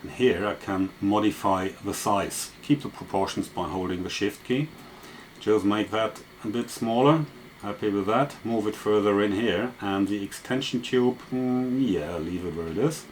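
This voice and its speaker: A man's voice: fairly low pitch, normal speed, a little hiss or hum. A man walking through a photography and photo-editing tutorial step by step, explaining as he goes with frequent fillers. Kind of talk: screen-recorded software tutorial.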